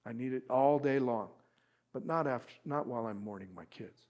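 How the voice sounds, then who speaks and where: Speaking fairly quickly in a mid-range voice, a pastor delivers a sermon. His delivery moves from forceful, loud pleas to soft asides, and he performs quoted lines with emotion.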